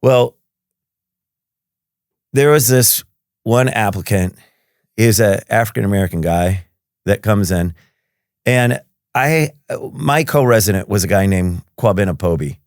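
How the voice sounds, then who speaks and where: A middle-aged man with a fairly low voice tells stories in a relaxed interview chat. He acts out both sides of conversations and laughs easily. The sound is close and dry, with no room echo. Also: unhurried, pauses often. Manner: lively storyteller who acts out dialogue and laughs often. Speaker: surgeon guest. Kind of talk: casual anecdotal storytelling.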